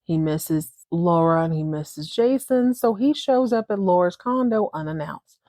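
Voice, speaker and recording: A woman host chatting casually through a TV episode recap, slangy and animated. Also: lowish voice, a little slow, dry recording, studio quality. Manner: chatty, slangy, acts out characters. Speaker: podcast host.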